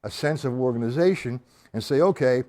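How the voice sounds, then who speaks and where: A man's voice: medium pitch, brisk, mellow. A man giving a live-streamed drum lesson, counting out and calling stickings aloud as he explains each step, with a drum kit playing behind him. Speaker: drum teacher.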